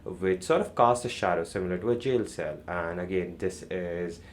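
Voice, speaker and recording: A man with a very low, deep voice gives a classroom lecture. He thinks aloud as he talks, filling pauses with fillers and restarting his sentences. A faint hum of room sound sits behind him.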